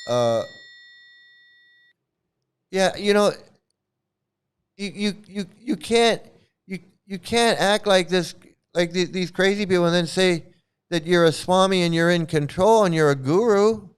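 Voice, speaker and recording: Male vlog host, fairly high smooth voice, loose rambling delivery with restarts, blunt and coarse. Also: measured pace, pauses often. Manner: rambling, repeats and restarts words; blunt and profane. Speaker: commentary channel host. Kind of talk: casual rambling commentary.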